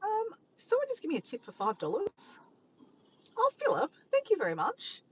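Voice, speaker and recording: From a car parked by the beach, a chatty woman hosts a casual live stream, reading viewer comments, laughing often, and teasing playfully. Her pitch is lively and her pace brisk, though the audio sounds dull.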